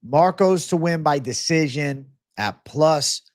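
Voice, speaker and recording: A man's voice: on the high side, slow, dry recording, clean studio sound. A man hosting a live betting-picks stream, rambling and swearing freely, prone to angry rants. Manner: profane, rambling, flares into ranting. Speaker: livestream host.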